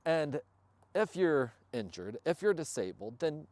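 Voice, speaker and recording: A man who handles and trains his service dog, chatting upbeat to viewers of a casual training vlog outdoors and praising the dog loudly. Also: a little high, sing-song, a little slow, dry recording. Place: outdoors, yard or field. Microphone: camera on a stand nearby.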